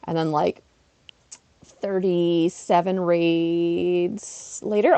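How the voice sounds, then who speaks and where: A woman chatting casually on a livestream while playing a game, self-deprecating and bursting into excited exclamations. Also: medium pitch, normal speed, no room sound. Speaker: streamer. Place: her apartment.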